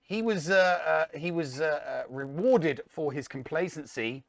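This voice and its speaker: Male co-host recapping matches; slightly high, gravelly voice with a close dry mic. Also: a little slow, a crowd in the background. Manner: recaps matches with dry humor, some hesitations. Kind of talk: casual gaming show recap.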